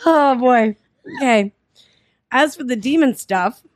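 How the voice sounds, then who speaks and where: A woman co-hosting a podcast, playful and jokey in casual chat. Her voice sits a little high, and the close recording is dry. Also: animated, takes it slowly, no room sound. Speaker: podcast co-host.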